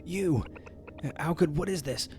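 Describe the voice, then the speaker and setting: A man's voice: fairly high pitch, unhurried, noisy background, voice pushed up, natural voice. A man voicing a defiant young boy in a raised, indignant way.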